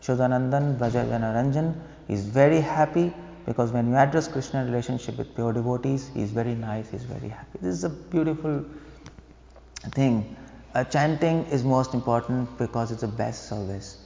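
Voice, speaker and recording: In an echoey temple hall, captured with dull lo-fi sound, a preacher delivers a devotional lecture. His medium-pitched, dark-toned voice moves fairly quickly with some vocal fry as he explains points, poses rhetorical questions to the audience, and chuckles at his own jokes.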